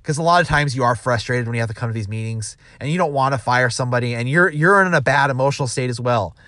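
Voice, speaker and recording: A man's voice: mid-range voice, fast, bright, forceful tone, dry recording, clean studio sound. A man giving casual advice as a sales manager, rambling with restarts and acting out quoted dialogue.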